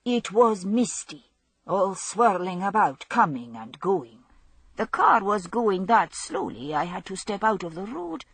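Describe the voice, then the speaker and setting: An old bearded tramp with a Scottish burr wheedles for tea and food, as a woman narrator puts him on. His voice leaps up and down in pitch with a husky edge, recorded dry and close. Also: sing-song, measured pace, dry recording, full character voice. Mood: wheedling. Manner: wheedling, nervous, dialect speech.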